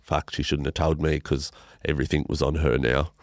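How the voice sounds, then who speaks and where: An Australian man telling a painful personal story as a podcast guest, halting and emotional, swearing and restarting his sentences. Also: extremely low pitch, level tone, dry recording, clean studio sound.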